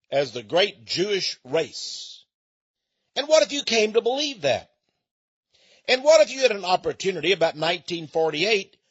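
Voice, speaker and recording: High, lively-voiced man with a husky edge. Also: no room sound, lo-fi sound. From Texas, USA. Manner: chatty storyteller, chuckling asides. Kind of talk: folksy monologue.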